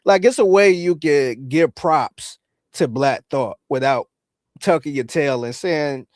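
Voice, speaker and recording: A man co-hosting a podcast, talking in a relaxed way and often acting out what others might say. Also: fairly high pitch, takes it slowly, dry recording, clean studio sound. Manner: relaxed, acts out quotes. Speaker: podcast co-host. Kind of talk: casual podcast commentary.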